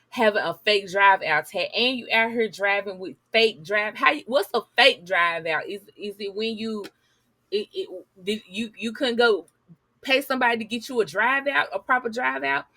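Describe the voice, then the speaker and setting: Sassy woman with a bright voice. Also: medium pitch, dry recording. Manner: sassy, blunt, talks straight to viewers. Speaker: news commentary vlogger. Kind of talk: casual commentary reading news articles aloud.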